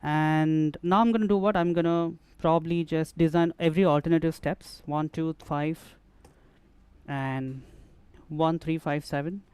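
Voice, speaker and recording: A man's voice: fairly high pitch, steady tone, unhurried, darkish tone, clear, resonant tone, dry recording. A man demonstrating music production gear in a tutorial, explaining step by step and often repeating phrases as he works. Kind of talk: hands-on software tutorial.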